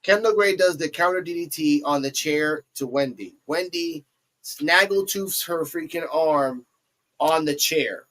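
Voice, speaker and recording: A fairly high-voiced man runs through a wrestling match move by move. He gets animated, jumping into squeaky put-on voices whenever he quotes someone. He talks like a host holding the floor on his own show. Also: poor audio. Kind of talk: excited play-by-play recap.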